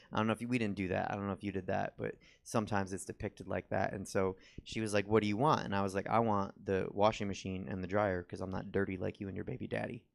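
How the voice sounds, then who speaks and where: A man's voice: fairly low pitch, gravelly. A man doing stand-up comedy, telling a rambling, self-mocking story on a comedy theater stage and acting out the quotes.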